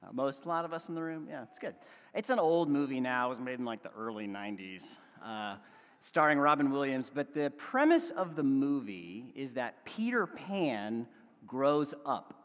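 A man's voice: medium pitch, lively intonation, moderate pace, a bit bright. A man preaching a sermon to his congregation, casual and conversational, with fillers and asides. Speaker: pastor. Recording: long hall reverb.

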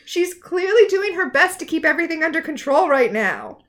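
A woman's voice: very high voice, moderate pace. A woman co-hosting a podcast, recapping a TV episode in casual, sarcastic chat. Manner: sarcastic, animated retelling. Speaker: podcast co-host.

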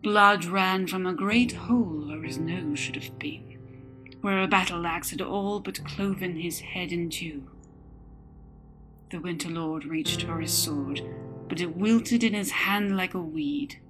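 A woman narrating a dark folktale in a slow, dramatic storytelling manner, with music behind. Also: fairly low pitch.

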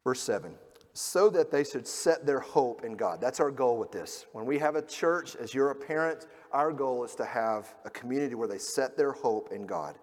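A middle-aged man preaching a sermon as a pastor, telling stories and acting out the people in them, moving from loud to hushed. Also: mid-range voice, expressive, normal speed, in a large hall. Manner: storytelling, acting out quoted voices, swings between loud and hushed.

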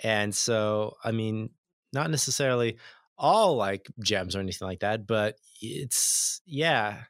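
A man's voice: on the low side, slow, a bit bright, no room sound, clean studio sound. A man co-hosting a podcast in casual chat, teasing his partner and stammering at the start of sentences. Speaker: podcast co-host.

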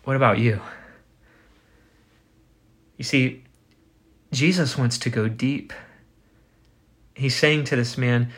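A man preaching a sermon as pastor, earnest, building his points with rhetorical questions and slowing for emphasis. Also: mid-range voice, fairly bright tone.

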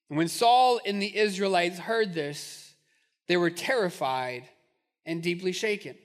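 A man's voice: high voice, measured pace. A man preaching a sermon, retelling a story with emphatic, direct address to listeners. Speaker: pastor.

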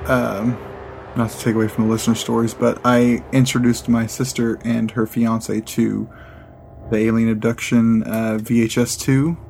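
A man's voice: medium pitch, little pitch movement, moderate pace, gravelly, background noise. A man co-hosting a paranormal podcast, chatting casually, laughing and swearing, with lots of "like". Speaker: podcast co-host. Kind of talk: casual chat.

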